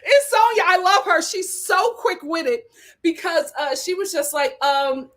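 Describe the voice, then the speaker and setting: A woman hosting a casual, animated chat about reality TV, laughing often. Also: extremely high pitch, a little slow. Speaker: host.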